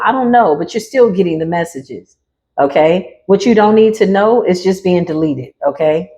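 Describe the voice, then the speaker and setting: Speaking at a moderate pace in an animated, mid-range voice with a dark tone, this tarot reader keeps things casual and playful as she reads for her viewers. Her delivery is full of laughter and slang.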